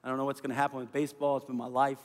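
A middle-aged man preaching as a pastor, telling a story in an earnest, animated way. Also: medium pitch, rapid-fire. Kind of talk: sermon. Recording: long hall reverb with faint music.

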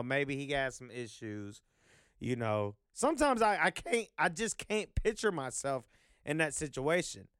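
Smooth, dry-voiced man rambling casually. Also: on the high side, fairly bright tone, no echo. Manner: profane, loose, full of fillers. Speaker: vlog host.

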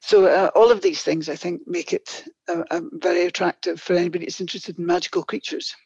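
A woman historian with a Scottish accent, telling stories in an expressive, chatty way as an interview guest. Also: on the low side, fast talker, gravelly, slightly rough, no room sound. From Scotland. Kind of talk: animated storytelling interview answers. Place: office in Orkney. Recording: dull, dry lo-fi audio.

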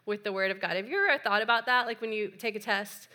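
A woman's voice: mid-range voice, fairly even intonation, fast talker, pushed and bright. A woman pastor preaching a sermon in a chatty, playful way with joking asides. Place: church.

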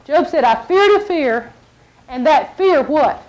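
A woman's voice: high voice, unhurried, muffled recording. A woman preaching a sermon, telling stories and acting out what people said. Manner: animated storytelling, acts out quotes.

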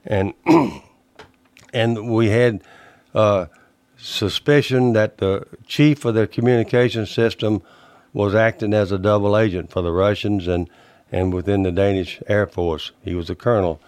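A man, telling his memories in a folksy, halting way as an interview guest. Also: lowish voice, steady tone, a little mellow, dry recording. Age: 80s. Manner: plainspoken, folksy, halting storyteller. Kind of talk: recounting personal memories.

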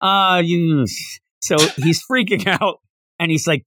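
A man's voice: high-pitched, slow pace, a little hiss or hum. A man co-hosting a casual manga podcast, recapping a chapter and acting out the characters' lines as he goes. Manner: animated, acts out characters' lines while recapping. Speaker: podcast co-host.

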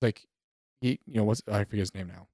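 A man, co-hosting a casual gaming podcast and retelling events in an animated way. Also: fairly low pitch, a little fast, no room sound, studio quality. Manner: animated storyteller, acts out quotes. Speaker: podcast co-host.

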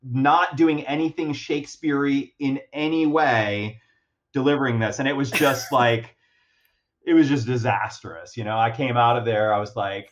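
A young man tells a story in an easygoing chat, full of fillers and restarts, at a mid-range pitch. He's animated and pokes fun at himself. The recording is a bit dull and lo-fi. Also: normal speed. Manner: animated, self-deprecating, many fillers and restarts. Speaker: guest. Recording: dull lo-fi sound.

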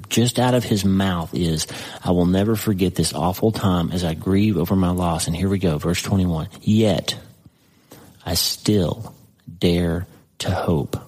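A man preaching a sermon, reading scripture aloud slowly with dramatic pauses and breaking into conversational asides to the listener. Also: deep voice, a little mellow, breathy edge, low-quality recording.

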